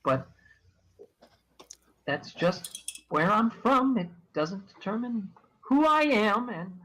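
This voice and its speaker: A man's voice: a little high, bright, forceful tone, heavily acted, low-quality recording. A man voicing an emotional female water genasi noble who speaks in a formal, flowery, earnest way.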